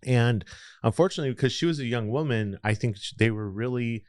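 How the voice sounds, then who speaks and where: A man from the Los Angeles area speaks at a medium pitch and a quick pace, rambling reflectively as he tells his story as a podcast guest. It's casual interview storytelling, recorded with studio quality and no echo.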